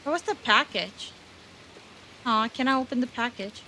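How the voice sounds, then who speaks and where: A woman's voice: a little high, normal speed, pushed and bright, slight background noise. A woman gaming streamer giving casual let's-play commentary, nervous and jumpy as she plays a scary game at home.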